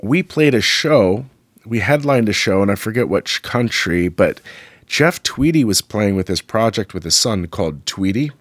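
A man's voice: on the low side, animated, normal speed, dry recording. A middle-aged American man hosting a podcast, telling rambling stories about music with many fillers and asides. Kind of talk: casual storytelling monologue.

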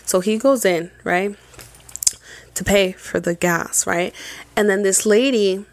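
Animated swearing woman telling a ghost story. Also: mid-range voice, slow pace, no room sound. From Mexico. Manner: animated, swears often, mixes in Spanish phrases. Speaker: podcast co-host. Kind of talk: casual storytelling chat.

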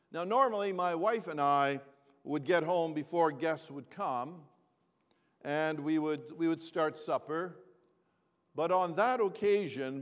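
An older man tells a humorous personal story to a gathering, often repeating his phrases and asking the audience to answer back. His voice is on the high side with a clean tone. The long reverb of a large hall surrounds the recording.

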